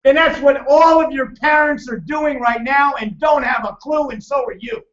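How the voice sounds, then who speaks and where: A man presenting a financial seminar to a live audience, loud, emphatic and hectoring as he teases the crowd. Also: very high-pitched, normal speed. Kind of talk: motivational seminar lecture. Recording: echoey, distant, dull room recording.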